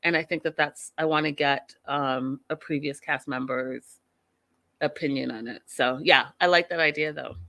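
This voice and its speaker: A woman's voice: deep voice, fairly bright tone, dry recording. A woman hosting a reality TV recap show, giving her opinions in blunt, outspoken, emphatic casual talk.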